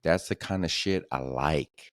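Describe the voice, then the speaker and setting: A man with a deep, low voice tells rambling comedic stories for his podcast. He talks loosely and profanely, full of slang and "dude". The sound is dry and close, with no room around it. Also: measured pace, no room sound. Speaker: podcast host. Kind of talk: casual comedic storytelling.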